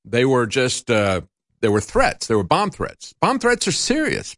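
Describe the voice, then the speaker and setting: Male talk host, indignant and sarcastic, swinging pitch, dry studio sound. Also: huge pitch swings, unhurried, fairly bright tone, no echo. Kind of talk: political commentary. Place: broadcast studio.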